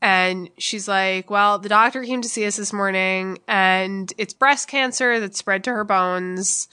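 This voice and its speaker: A woman's voice: medium pitch, measured pace, bright, forceful tone, smooth, dry recording, studio quality. A young woman co-hosting a podcast who speaks in a candid, emotional and profane way. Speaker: podcast co-host. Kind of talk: candid conversational storytelling.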